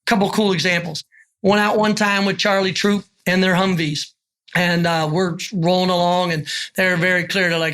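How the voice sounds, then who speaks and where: A man's voice: high voice, flat delivery, moderate pace, a bit bright. A middle-aged man, a retired army officer, recalling his service and acting out remembered dialogue as he tells stories. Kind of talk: oral history recollection.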